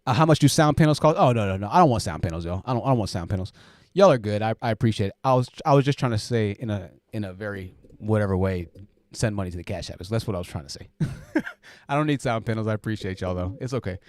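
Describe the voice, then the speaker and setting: A man's voice: on the low side, expressive, fast talker, a little mellow, no echo. A man hosting a live stream in a casual chat style, rambling through explanations with lots of fillers, on a dynamic podcast mic in a home room. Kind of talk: casual live chat, reading viewer comments. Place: home room with hoodies hung up to absorb sound. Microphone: dynamic podcast mic through a preamp.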